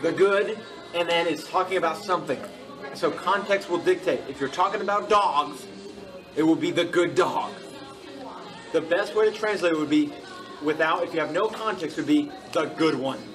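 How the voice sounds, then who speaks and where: A man's voice: fairly high pitch, normal speed, far from the mic, over music, low-quality recording. Man teaching a class. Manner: patient, repeats key points, checks in with students. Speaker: Greek teacher.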